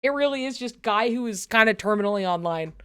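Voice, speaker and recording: A woman's voice: a little high, fairly bright tone, smooth. A woman streamer chatting casually during a watch-along, rambling with lots of fillers, swearing and frequent laughter.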